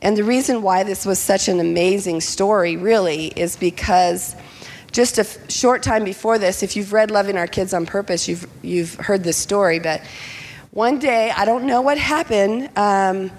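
A middle-aged woman pastor telling a personal story in a sermon, animated and acting out the voices of the people in it. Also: mid-range voice, normal speed. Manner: animated, acts out quoted voices. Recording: long hall reverb.

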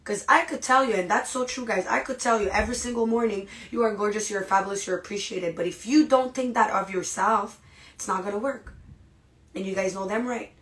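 A woman hosting a podcast, giving a motivational monologue straight to her listeners, dramatic and animated, with many rhetorical questions. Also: fairly high pitch, a little fast. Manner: animated and dramatic, acts out inner voices. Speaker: podcast host.

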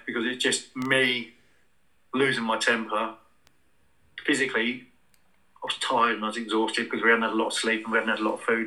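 Bright-voiced man telling stories. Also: mid-range voice, poor audio. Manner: rambling anecdotal, many restarts and fillers. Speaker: interviewee. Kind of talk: casual storytelling.

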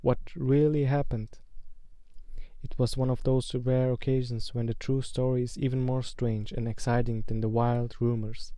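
A man narrating a storybook aloud at a calm, steady pace. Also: medium pitch, moderate pace, hardly any pauses, no echo. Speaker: audiobook reader.

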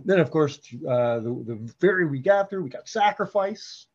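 A man co-hosting a casual podcast, excitable and quick to swear, often restarting his sentences. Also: a little high, lo-fi sound. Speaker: podcast co-host. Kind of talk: casual wrestling chat.

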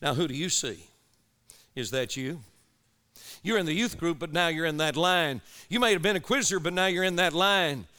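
A man's voice: a little high, moderate pace, sharp tone. A man preaching an urgent, impassioned sermon to young people at a camp. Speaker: evangelist preacher.

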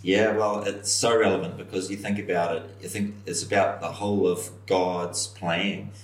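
A low-voiced senior pastor from New Zealand tells stories in a podcast conversation at a normal speed, animatedly acting out the voices he quotes. The recording has a roomy echo, with him somewhat far from the mic.

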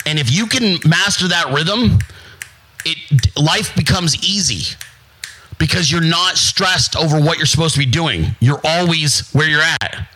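A man's voice: fairly high pitch, pushed and bright, breathy edge, rough recording. Brash, profane man preaching self-confidence. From United States. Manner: brash, profane, emphatic, repetitive; acts out other people's lines in mocking voices. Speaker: show host. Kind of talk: motivational livestream monologue.

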